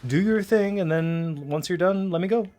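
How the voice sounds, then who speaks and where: A man voicing a mellow, easygoing gliding alien creature with a chirpy delivery. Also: sits high, normal speed, soft background music, pitched above the performer's own voice, natural voice.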